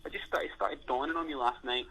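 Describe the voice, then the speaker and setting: A man's voice: mid-range voice, steady tone, a little fast, sharp tone, slight background noise, low-quality recording. A man co-hosting a boxing podcast, blunt and enthusiastic, swearing freely. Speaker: podcast co-host. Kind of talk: casual chat.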